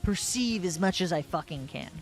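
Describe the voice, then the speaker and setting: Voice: medium pitch, expressive, moderate pace, faint music behind. A player describing their character's actions in a tabletop game, in a casual, rambling way with some swearing.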